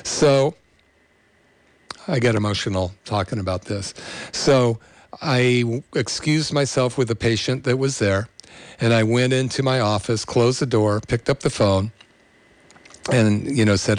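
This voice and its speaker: A middle-aged man, a chiropractor, telling a patient story in an earnest, halting way with many fillers and restarts. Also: medium pitch. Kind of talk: storytelling to an audience.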